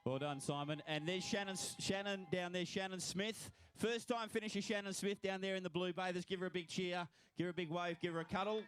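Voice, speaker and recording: A man's voice: sits high, fairly even intonation, brisk, hardly any pauses, a bit bright. Cheery Australian man commentating a finish. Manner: cheery, congratulating swimmers by name. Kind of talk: live event commentary.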